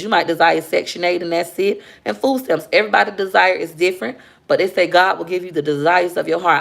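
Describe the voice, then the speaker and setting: Gravelly-voiced woman chatting candidly. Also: on the low side. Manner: chatty, candid, animated when retelling. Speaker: vlogger reading viewer comments. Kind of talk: casual livestream chat.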